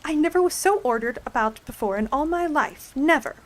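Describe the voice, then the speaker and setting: A woman's voice: high-pitched, animated, a little fast, voice pushed up. Woman doing a curious, polite young girl. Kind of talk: ASMR storybook reading.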